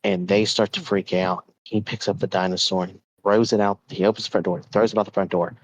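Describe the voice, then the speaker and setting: Low-voiced man telling a ghost story. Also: brisk, dull audio. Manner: animated, chatty, uses filler words. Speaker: podcast host.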